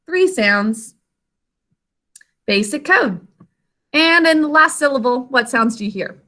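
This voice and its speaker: A woman teacher's high, bright voice comes through a video call, unhurried and deliberate. She gives an online classroom lesson, sounding out each piece of a word with careful enunciation. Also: animated. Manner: slow, carefully enunciated phonics instruction.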